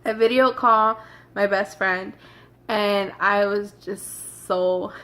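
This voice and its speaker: A young woman telling a storytime vlog in a chatty, rushed way, talking straight to her viewers. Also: medium pitch, steady tone, a bit bright. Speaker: vlogger.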